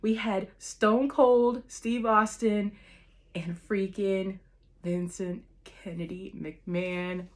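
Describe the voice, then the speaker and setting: A woman's voice: medium pitch, steady tone, slow pace. A woman vlogger gushing over a live wrestling event in a casual, emotional recap, laughing often and calling out to her viewers. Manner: gushing, emotional, laughs often, says "you guys" and "literally" a lot. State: near tears at moments.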